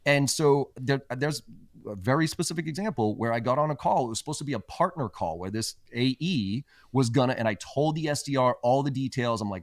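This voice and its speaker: A mid-pitched man speaks bluntly and emphatically as a podcast guest. He swears freely and drives his points hard. The sound is close and dry. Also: animated, fairly quick, no echo. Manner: blunt, emphatic, profane storytelling. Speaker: podcast guest, sales trainer. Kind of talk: casual interview chat.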